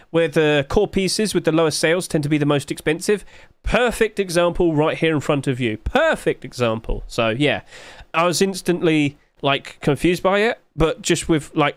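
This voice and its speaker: A man's voice: fairly high pitch, moderate pace, smooth, no echo. A man, musing aloud in casual livestream commentary and asking himself rhetorical questions. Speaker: streamer.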